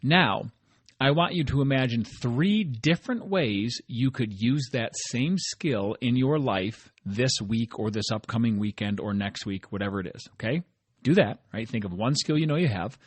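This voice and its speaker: A man's voice: mid-range voice, a little slow, husky, dry recording. A man hosting a motivational solo podcast, talking conversationally and often checking in with "right?". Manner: conversational, often adds "right?" tag questions; earnest and encouraging. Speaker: podcast host.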